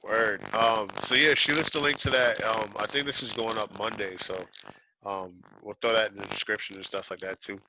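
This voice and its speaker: Gravelly co-host man on a glitchy mic. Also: fairly low pitch, moderate pace, noisy background. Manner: calm, steady, starts with "um". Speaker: podcast co-host. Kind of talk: casual podcast chat.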